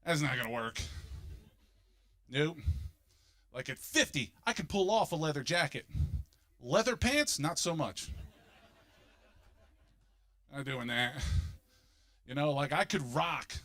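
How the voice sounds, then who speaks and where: Animated fifty-year-old Philly stand-up comic. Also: male voice, a little high, slow, long pauses. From Philadelphia, United States. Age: 50s. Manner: animated, jumps into loud exaggerated voices for punchlines. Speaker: stand-up comedian. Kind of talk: stand-up comedy set.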